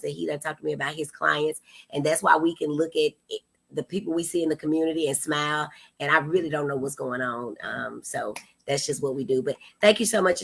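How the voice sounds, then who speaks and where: A woman's voice: low-pitched, vocal fry, a bit bright, breathy edge. A woman in her thirties hosting a casual livestream, chatting playfully and talking straight to her viewers. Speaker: host.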